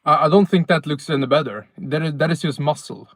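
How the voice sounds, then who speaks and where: A man's voice: on the high side, fairly quick, no room sound. A man from northern Sweden with a Swedish accent, chatting casually on a live stream outdoors at night, laid-back and rambling with fillers and self-corrections.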